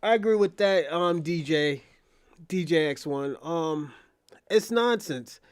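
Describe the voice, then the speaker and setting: A man's voice: a little high, expressive, slow pace, smooth, no room sound, clean studio sound. A man hosting a livestream, reacting to clips in blunt, profane casual talk.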